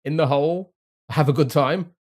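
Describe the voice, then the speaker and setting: A man's voice: on the high side, moderate pace, a little mellow. A young man streaming a game live, thinking aloud, chatting to viewers and laughing often. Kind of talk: casual live-stream commentary.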